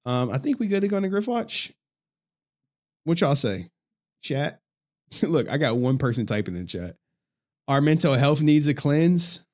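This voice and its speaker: A man's voice: on the high side, sing-song, measured pace, long pauses, a little mellow. A man chatting casually on a live stream, talking straight to his chat in a loose, profane way and laughing often.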